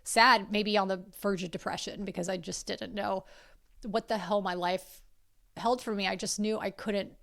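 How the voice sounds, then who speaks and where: A woman's voice: mid-range voice, steady tone, normal speed, gravelly, fairly bright tone. A woman hosting a podcast, talking in a casual, heartfelt and emotional way, with the odd curse word. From South Carolina. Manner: earnest and emotional, swears casually. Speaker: podcast host.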